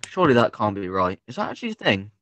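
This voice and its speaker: A man's voice: fairly low pitch, very animated, rapid-fire, fairly bright tone, a little hiss or hum. A man joining a podcast over a video call as a guest, reacting with teasing, laughing interjections. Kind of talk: casual chat.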